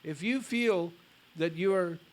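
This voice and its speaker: Slow, deliberate male spiritual teacher. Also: high voice. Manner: slow, deliberate, with blunt casual asides. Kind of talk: lecture, reading a story aloud.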